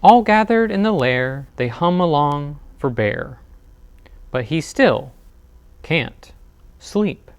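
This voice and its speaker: A man reading picture books aloud as a librarian at a bedtime storytime, expressive with dramatic pauses. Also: on the high side, clear, resonant tone, no room sound, lo-fi sound. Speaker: children's librarian.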